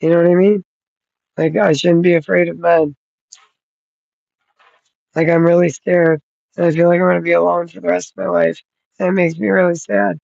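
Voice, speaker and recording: High, gravelly man rambling outdoors. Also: flat delivery, moderate pace, pauses often, darkish tone, no echo, dull audio. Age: 30s. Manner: rambling, swears freely, thinks aloud. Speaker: vlogger. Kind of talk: rambling casual vlog talk. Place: outdoors at night in cold, rainy weather.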